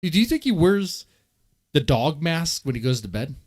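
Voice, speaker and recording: A man's voice: on the high side, big pitch swings, moderate pace, darkish tone. A man hosting a livestream in casual chat, rambling and teasing his guests with a mocking edge. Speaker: livestream host.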